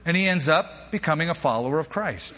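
A male pastor preaching a sermon, an animated storyteller who drops humorous asides. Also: on the high side, brisk, in a large hall, highs cut off.

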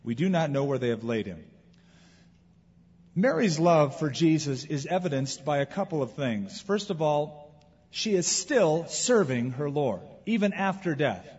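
A man preaching a sermon as pastor, with swings from loud emphasis to quiet, heavy moments. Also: fairly high pitch, measured pace, breathy edge. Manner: expressive preaching with wide swings in loudness. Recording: dull lo-fi recording in a reverberant hall.

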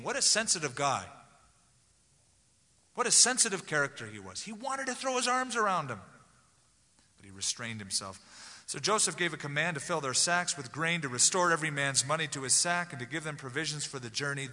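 A man preaches an expository sermon with a lively, swooping delivery, acting out the people in the story in little voices. His voice is bright and fairly high for a man. A long reverb from a large church hall trails behind him. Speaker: pastor.

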